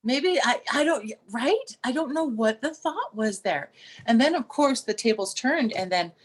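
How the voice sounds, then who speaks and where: A middle-aged woman co-hosting a casual chat, telling stories with restarts and animated quoted voices. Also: a little high, measured pace. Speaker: podcast co-host.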